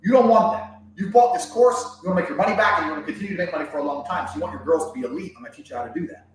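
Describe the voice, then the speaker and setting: A man delivering an instructional sales pitch in a rapid, lecturing way. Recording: very echoey, distant from the mic, faint noise.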